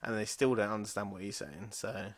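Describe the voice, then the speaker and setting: A man's voice: on the low side, steady tone, brisk. A man in his thirties from England, co-hosting a podcast and rambling through sweary anecdotes with laughs. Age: 30s. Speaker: podcast co-host. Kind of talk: casual chat.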